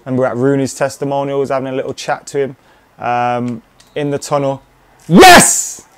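A man's voice: medium pitch, level tone, brisk, darkish tone, clean tone. A young man giving casual commentary while playing a video game, cheering and swearing at the action. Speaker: gaming commentator. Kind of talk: casual live gameplay commentary.

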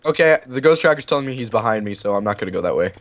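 Excitable swearing man with a stuffy nose. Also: medium pitch, racing. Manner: excitable, swears and laughs often. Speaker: gaming channel host. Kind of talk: casual gameplay commentary.

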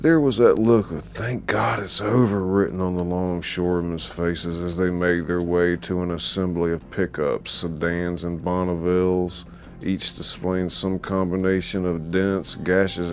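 A man's voice: deep voice, darkish tone. A man narrating a story in a dramatic, emphatic audiobook style. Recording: faint background music.

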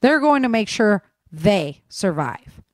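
A woman's voice: medium pitch, big pitch swings, slow, a little mellow, no room sound, studio quality. A woman reading a passionate, defiant young woman.

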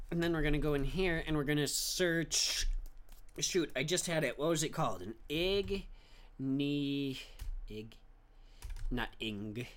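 Young man, gaming commentary, rambling, goofy, swooping pitch, mumbles under breath. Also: fairly bright tone. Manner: rambling, goofy, trails off and slips into whispery mumbling. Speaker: gaming channel host. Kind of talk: casual let's-play commentary.

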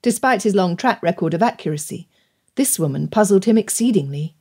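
A woman narrating an audiobook in a measured, even storytelling delivery. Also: mid-range voice, breathy edge. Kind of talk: scripted narration.

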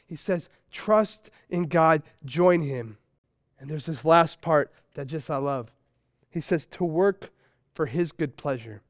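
High, clear-voiced male pastor preaching. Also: dry recording, clean studio sound. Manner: conversational preaching with personal stories. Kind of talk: sermon. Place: church sanctuary.

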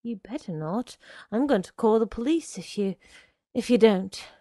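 A woman voicing a frightened but defiant teenage girl who answers in sharp retorts. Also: mid-range voice, animated, moderate pace, no room sound, clean studio sound, close to an everyday voice. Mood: scared, defiant.

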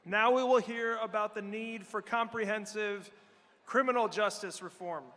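High, bright-voiced male host in a hall. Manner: formal, measured. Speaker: event host. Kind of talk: introducing speakers. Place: large hall. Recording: echoey hall.

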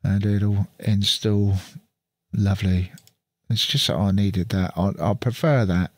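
Guy muttering thru a screen recording, lowish voice, dry close studio mic. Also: measured pace, a little mellow, dry recording. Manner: chatty, thinks aloud while working. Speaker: channel host. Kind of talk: casual screen-recording walkthrough. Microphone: studio mic through an audio interface.

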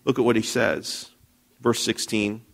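A man's voice: on the low side, little pitch movement, a little slow, vocal fry, fairly bright tone. A man preaching a sermon in a church, telling a Bible story conversationally with frequent restarts and questions to the congregation. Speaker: pastor.

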